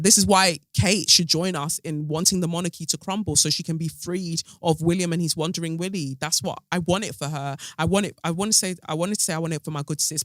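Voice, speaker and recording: A man hosting a casual commentary podcast, gossipy and animated, with plenty of ums and sassy asides. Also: a little high, no room sound. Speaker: podcast host.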